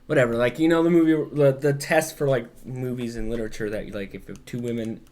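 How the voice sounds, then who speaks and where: A male podcast host with a middle-pitched voice, talking loosely and rambling as he recaps. He keeps filling gaps with filler words, drops in swear words, and corrects himself as he goes. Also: fairly even intonation, fairly quick, a little mellow. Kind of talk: casual chat.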